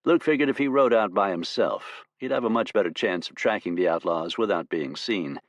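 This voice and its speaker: Low-voiced man narrating an audiobook. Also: animated, fairly quick, dry recording.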